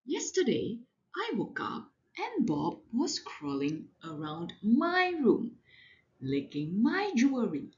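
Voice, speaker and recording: Slow, sing-song woman reading a storybook. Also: medium pitch, wildly swooping pitch, muffled recording. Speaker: mother reading to her daughter. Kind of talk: children's storybook read-aloud.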